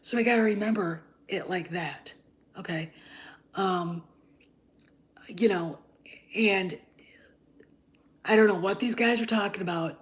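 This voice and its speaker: A woman's voice: medium pitch, unhurried, pauses often. A woman hosting her own channel, talking in a blunt, heated, casual rant and swearing freely. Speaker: channel host. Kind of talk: casual ranting commentary.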